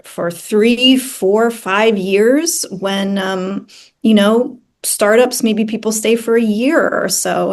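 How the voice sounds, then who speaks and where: A woman in an interview, speaking about her work in an earnest, measured way. Her voice sits at an ordinary middle pitch. She tells the story steadily, like someone who has told it before. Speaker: founder and CEO, interview guest. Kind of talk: casual interview conversation.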